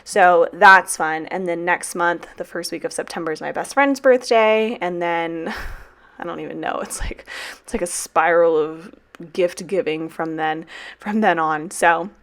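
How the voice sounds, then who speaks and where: A woman's voice: lowish voice, moderate pace, fairly bright tone, smooth. Tired, chatty young woman doing a voiceover. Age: 20s. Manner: chatty, rambling, with casual swearing. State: tired and drained. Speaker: planner vlogger and teacher. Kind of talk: casual voiceover.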